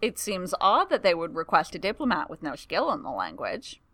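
A wry, teasing man, as a woman reads him, sounding innocently mocking. The voice is lively and dry. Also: lowish voice, normal speed, no room sound, full character voice.

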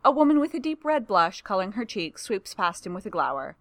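Expressive woman reading a story. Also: mid-range voice, fairly quick, no echo. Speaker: narrator.

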